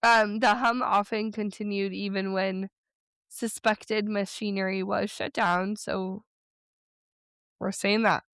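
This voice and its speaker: Chatty woman podcast co-host, smooth voice. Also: mid-range voice, little pitch movement, a bit bright, no echo, studio quality. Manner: chatty, rambling storyteller with quick bursts. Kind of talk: casual podcast chat.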